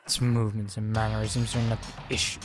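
A woman's voice: extremely low pitch, level tone, a little fast. A woman hosting a game let's play, reading all the dialogue aloud in a casual, jokey way. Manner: casual, jokey, voices every character. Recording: voice with game music behind. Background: game music.

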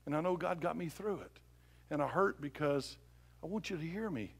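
A middle-aged male pastor preaching a sermon with passion, swinging from loud appeals to hushed pleading. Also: fairly high pitch, lively intonation, normal speed, creaky, slightly rough.

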